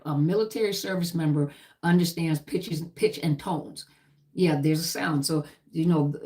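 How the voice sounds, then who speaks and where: A woman's voice: low-pitched, a little mellow. A middle-aged woman who served in the army, teaching about trauma in an emphatic, repetitive lecture style full of lists and "you know".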